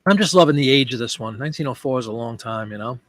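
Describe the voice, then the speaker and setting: A man's voice: medium pitch, lively intonation, fast, dry recording. A man hosting a casual live stream, thinking aloud as he works and chatting with viewers by name. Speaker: live-stream host and online seller.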